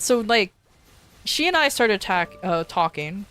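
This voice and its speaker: A woman streamer casually telling a story to her viewers, animated, often restarting and repeating words. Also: medium pitch, unhurried, clear, resonant tone. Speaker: VTuber streamer.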